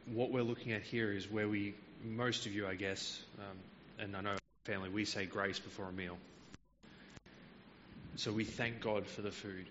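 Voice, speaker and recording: Low-voiced man preaching in a hall. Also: little pitch movement, moderate pace, fairly bright tone, lo-fi sound, a little hiss or hum. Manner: explanatory, with hesitant fillers. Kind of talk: Bible teaching sermon.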